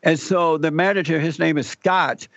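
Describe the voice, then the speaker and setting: A man's voice: on the high side, normal speed, vocal fry, no room sound, dull audio. An older man, a radio talk show host, telling a personal story as an interview guest and acting out the dialogue in it. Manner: animated storyteller, acts out quoted dialogue.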